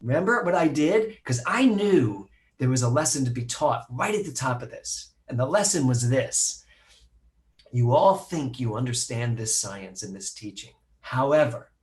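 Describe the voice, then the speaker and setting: A middle-aged man, a minister, telling a personal story to a live audience, animated and acting out the voices of the people he quotes. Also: mid-range voice, measured pace. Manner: animated, acts out quoted voices, laughs at himself.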